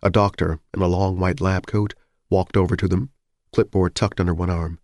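A man narrating a novel in an even, measured audiobook reading. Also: deep voice, no echo, clean studio sound.

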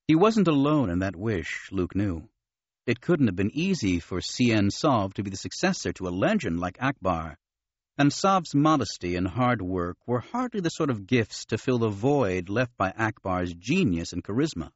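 A man narrating an audiobook with steady, expressive storytelling. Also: on the low side, moderate pace, no room sound. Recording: dull, dry studio recording.

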